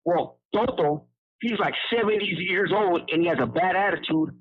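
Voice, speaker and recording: A man in prison tells a story by phone, the line sounding tinny. His voice is high and slightly rough at a normal speed, and he rambles casually in street slang with frequent restarts.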